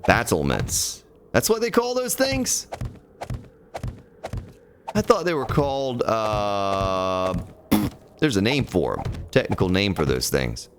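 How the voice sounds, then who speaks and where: A man's voice: lowish voice, sing-song, slow, pauses often, soft background music. A man chatting casually and ramblingly while streaming a building game. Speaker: gaming streamer. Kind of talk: casual let's-play commentary.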